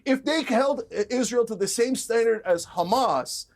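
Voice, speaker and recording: A man arguing hard in a heated televised debate, sarcastic and rapid-fire. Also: very high-pitched, expressive. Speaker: political commentator in a debate.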